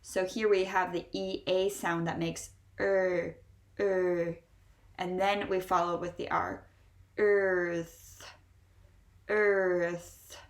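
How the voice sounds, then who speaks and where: A woman with a Northeastern American accent teaching English pronunciation, sounding out model words slowly and repeating each one. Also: on the low side, little pitch movement, roomy sound. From Northeastern United States. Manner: slow, drawn-out model words repeated three times. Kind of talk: pronunciation lesson.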